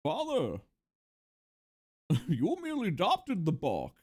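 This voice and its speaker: A streamer voicing a tiny dog that talks like a grandiose masked villain, slow and theatrical. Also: medium pitch, wildly swooping pitch, darkish tone, exaggerated voice. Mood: mock menacing. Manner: slow, theatrical, menacing-mock delivery. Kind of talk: comedic impression during livestream chat.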